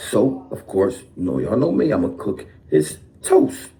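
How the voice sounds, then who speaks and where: A man's voice: on the low side, wildly swooping pitch, unhurried, dark tone. A man ranting to camera about his feuds, defiant and explaining himself, tagging lines with "okay". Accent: Philadelphia. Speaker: rapper in a clip. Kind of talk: direct-to-camera rant.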